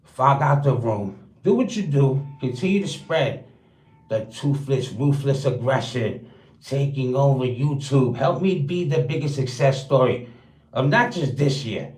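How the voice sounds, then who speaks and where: A man's voice: medium pitch, expressive, measured pace, darkish tone. A man hosting his own livestream, rapping a crude, boastful freestyle roast in a rhythmic, rhyming flow. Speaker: livestream host. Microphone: streaming setup. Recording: roomy echo.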